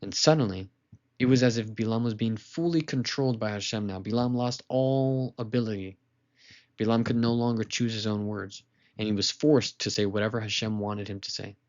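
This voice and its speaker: A man teaching a weekly lesson to children, retelling a story in a lively, casual way with asides to listeners. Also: fairly low pitch, normal speed, muffled recording.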